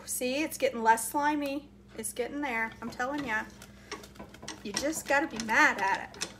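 A woman's voice: high voice, normal speed, background noise. Chatty woman cooking over clattering pans. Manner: chatty, joking, playfully bossy. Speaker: cooking vlogger. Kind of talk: casual cooking demonstration. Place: home kitchen at the stove. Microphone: camera set up near the stove. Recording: clattering pots and whisking behind voice.

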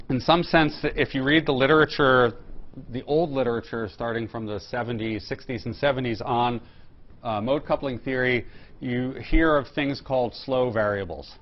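A man's voice: medium pitch, muffled recording. A man giving a technical physics lecture, explaining step by step with fillers and restarts. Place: lecture room.

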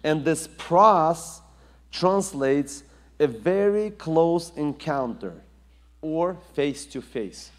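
A man's voice: fairly high pitch, lively intonation, takes it slowly. Man preaching in an echoing hall. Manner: emphatic, rising and falling delivery with repetition. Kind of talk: sermon.

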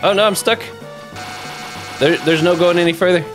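A man's voice: sits high, moderate pace, over music. A man giving casual let's-play commentary as a gaming YouTuber, playful and wry.

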